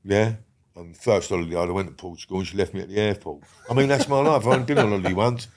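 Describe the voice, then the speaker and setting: A man's voice: on the low side, fast talker, a little mellow. An older man, a guest on a podcast, talking bluntly with constant swearing and rambling restarts. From England. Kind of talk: casual interview talk.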